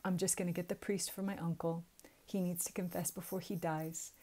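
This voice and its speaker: A woman's voice: lowish voice, little pitch movement, a little fast, mellow, close to an everyday voice. A woman with a Southern US accent voicing a humble, eager young peasant man who talks earnestly.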